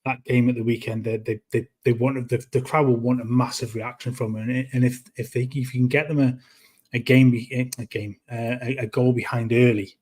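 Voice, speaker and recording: A man's voice: medium pitch, flat delivery, darkish tone. A man co-hosting a football podcast in casual chat, stopping and restarting his sentences often. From North East England. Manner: halting, many restarts and repeated words. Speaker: podcast co-host.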